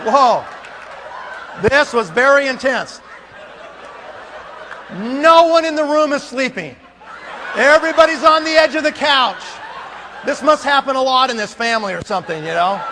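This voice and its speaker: A man telling a comic story as a conference speaker, animated and acting out scenes with sound effects, in a large hall. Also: extremely high pitch, moderate pace, pauses often, slight background noise.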